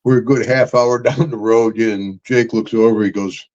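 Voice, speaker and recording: An older American man with an American accent, telling lively road stories as an interview guest, chuckling and calling people brother. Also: mid-range voice, normal speed, muffled recording. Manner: animated storyteller, chuckling, calls people brother. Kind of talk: storytelling interview.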